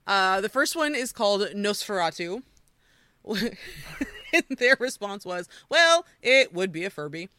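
A woman hosting a podcast, chatting casually and reading creepy stories aloud with animated quoting. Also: mid-range voice, measured pace, no room sound, clean studio sound. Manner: animated storyteller, quoting with voices. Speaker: podcast host.

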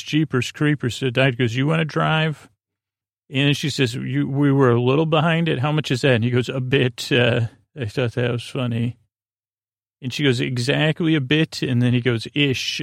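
A man hosting a sleep podcast, recapping an episode in a halting way, with many fillers and restarts as he quotes dialogue. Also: mid-range voice, creaky, no echo, studio quality. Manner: retells dialogue in a flat quoting voice. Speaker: podcast host.

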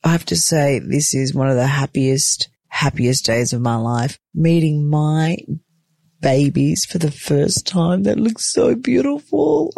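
A vlogger who has just become a mother talks from her hospital room, drained after the birth but frank and full of exclamations. Her low-pitched voice is dark with vocal fry, and there's no echo.

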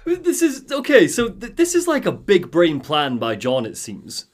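A man chatting casually as a podcast co-host, reacting with quick remarks. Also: high-pitched, huge pitch swings. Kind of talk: casual chat.

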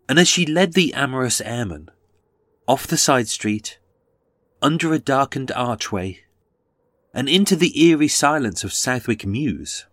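A man's voice: mid-range voice, fairly bright tone, no room sound. A man giving dramatic scripted true-crime narration and dwelling on detail.

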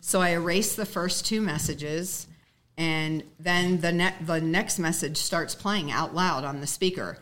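Earnest woman with a lowish voice. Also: measured pace, fairly bright tone. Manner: earnest, recounts events by acting out quoted dialogue. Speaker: guest. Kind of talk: personal storytelling in a conversation.

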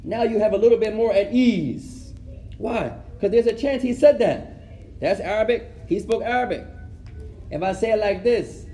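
A man's voice: high-pitched, normal speed, warm tone. A man teaching an Islamic studies class, asking rhetorical questions and mixing Arabic phrases into his English. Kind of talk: classroom lesson. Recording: echoey room, faint ambience.

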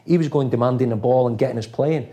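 Casting: middle-aged man, mellow voice, lively raconteur who acts out quotes. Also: medium pitch, fast. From England, raised in Leeds. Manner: animated storyteller acting out quoted voices, swears freely. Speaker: former footballer guest. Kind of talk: casual storytelling interview.

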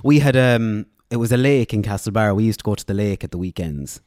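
A man's voice: on the low side, a little fast, a little mellow, no room sound, studio quality. A man hosting a podcast, chatty and teasing as he questions his guest. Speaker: podcast host. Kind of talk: casual podcast interview.

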